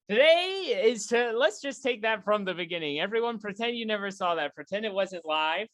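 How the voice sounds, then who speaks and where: A woman's voice: mid-range voice, animated, moderate pace. A woman hosting a comedy talk show with a theatrical, hammy announcer delivery, running a mock paranormal call-in segment.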